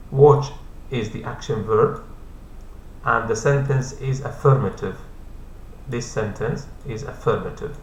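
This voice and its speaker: A man whose first language is Arabic explains English grammar in a patient, repetitive classroom style, going over points slowly. His voice is ordinary middle pitch, and the room is echoey with a faint hum underneath.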